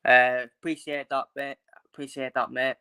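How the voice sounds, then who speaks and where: A man from England talks football with a bright, forceful voice, hammering the same points again and again. He speaks bluntly and emphatically, like a vlogger ranting to his viewers. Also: medium pitch, flat delivery, moderate pace, smooth. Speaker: football channel host. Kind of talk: casual ranting match preview.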